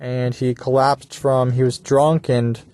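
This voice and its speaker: Young man rambling in a mellow voice. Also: mid-range voice, little pitch movement, slow pace. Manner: meandering, mumbles and trails off, crude asides. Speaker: podcaster. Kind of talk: rambling solo monologue. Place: at work during a shift.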